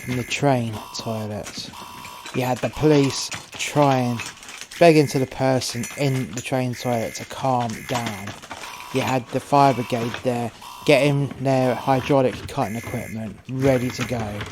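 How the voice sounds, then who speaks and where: A man's voice: medium pitch, fairly even intonation, a little slow, background noise, lightly acted. A man playing a cynical cartel courier who narrates in the first person, in a sweary, sardonic way. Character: cynical, foul-mouthed male cartel courier.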